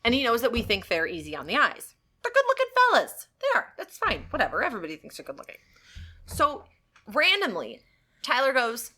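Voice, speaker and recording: Bright, lively woman podcast co-host. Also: fairly high pitch, fairly quick. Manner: laughs often while telling a story. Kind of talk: casual chat.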